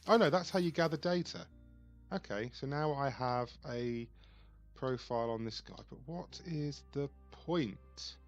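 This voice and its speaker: A man's voice: medium pitch, unhurried, lo-fi sound, soft background music. A man giving casual let's play commentary, thinking aloud and reading on-screen text with puzzled asides.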